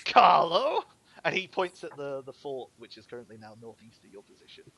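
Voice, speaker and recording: A man's voice: medium pitch, fast talker, husky, dry recording. A man narrating as game master of a tabletop game, casual, with lots of fillers. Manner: casual, many fillers, lively.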